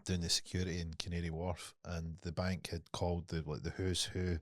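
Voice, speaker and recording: Guy with a low voice hosting a podcast, swears a lot, very dry close sound. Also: fairly quick, dry recording. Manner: animated storyteller, swears often, acts out quotes. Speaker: podcast host. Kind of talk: casual podcast chat, storytelling.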